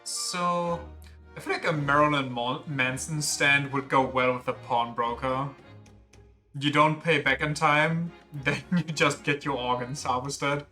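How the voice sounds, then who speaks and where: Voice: mid-range voice, steady tone, a little slow, bright, forceful tone, soft background music. A streamer making casual, playful commentary while playing a game, joking between lines. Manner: playful, chatty asides, laughing at own voices.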